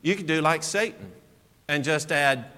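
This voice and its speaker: A man preaching a sermon in an animated way, full of rhetorical questions. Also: a little high, normal speed, long reverb tail.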